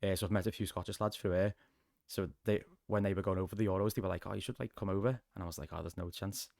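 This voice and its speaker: Fast-talking Scouse man, sweary. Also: sits low, steady tone, creaky, darkish tone, dry recording, studio quality. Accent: Liverpool (Scouse). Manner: sweary, chatty storytelling with laughs. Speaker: podcast guest. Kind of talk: casual chat.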